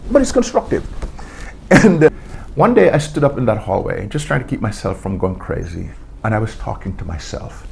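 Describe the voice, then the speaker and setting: A man's voice: lowish voice, big pitch swings, moderate pace, gravelly, darkish tone, slight background noise. A man telling stories as an interview guest, acting out quotes and laughing often. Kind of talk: storytelling interview.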